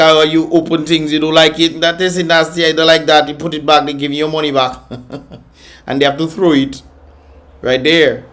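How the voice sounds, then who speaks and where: A man hosts a casual reaction vlog in a somewhat high voice. He chats loosely with Caribbean creole phrasing and laughs often as he comments. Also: fairly bright tone. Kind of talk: casual commentary on viral videos.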